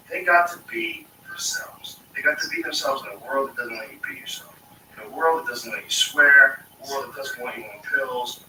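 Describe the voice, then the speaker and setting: A man's voice: on the high side, bright, forceful tone, reverberant, distant mic, a little hiss or hum, poor audio. A man telling rambling stories in casual, profane talk, with many fillers. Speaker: storyteller. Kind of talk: casual anecdotal storytelling.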